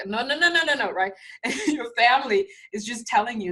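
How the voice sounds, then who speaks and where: Middle-aged woman, spiritual teacher, casual storyteller, lively and often laughing. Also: mid-range voice, normal speed, breathy edge. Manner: animated, laughs often, acts out voices.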